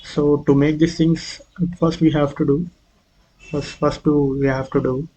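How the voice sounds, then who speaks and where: A man's voice: on the high side, level tone, unhurried, dark tone, slight background noise, low-quality recording. A man casually walking through his own app prototype, hesitant, with frequent fillers and restarts. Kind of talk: casual screen walkthrough.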